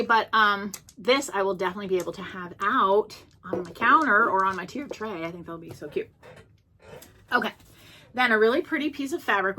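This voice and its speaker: A thrift vlogger at home, a bit out of breath, shows off what she found in a casual show-and-tell. Her medium-pitched voice sounds pushed and bright, and she gushes chattily, with plenty of ums and restarts.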